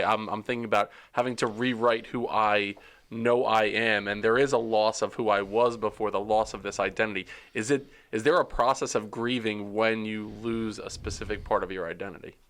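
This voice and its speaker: A man hosting a podcast, asking a guest earnest, measured questions. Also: fairly low pitch, fairly bright tone. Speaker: podcast host. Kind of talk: interview questions.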